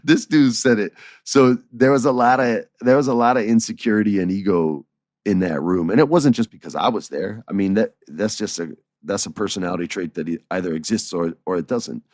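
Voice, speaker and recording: A man hosting a podcast, telling stories in a casual, animated way, chuckling and acting out dialogue. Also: on the low side, fairly quick, dry recording, clean studio sound. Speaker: podcast host. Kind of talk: casual storytelling.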